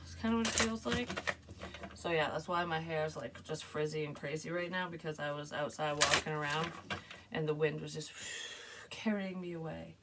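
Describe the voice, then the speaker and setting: A woman giving a casual, rambling tarot reading to her viewers, chatty and quick to laugh. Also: deep voice, fairly bright tone, slight background noise. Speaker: tarot reader.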